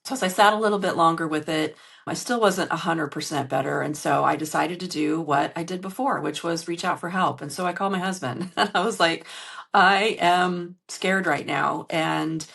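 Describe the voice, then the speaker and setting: A woman coach talks straight to her listeners in a candid solo podcast, earnest and openly emotional. Her voice sits low with a gravelly edge. It is recorded on a phone in a hotel room. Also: brisk, hardly any pauses, fairly bright tone. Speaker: podcast host and business coach.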